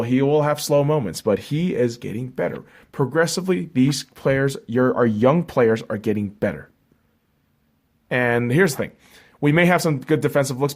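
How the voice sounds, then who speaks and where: A man hosts a sports podcast in a loose, profane rant. His pitch swings widely, jumping high when worked up and sinking low and flat as he reads off scores. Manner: heated, swearing constantly, drops low and flat reading scores. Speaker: podcast host.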